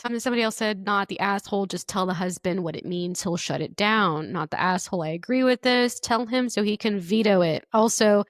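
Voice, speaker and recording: A woman's voice: mid-range voice, no room sound, clean studio sound. A young woman hosting a podcast, reacting bluntly to online posts, swearing freely and laughing often. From United States. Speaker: podcast host. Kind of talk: casual podcast chat reading online posts.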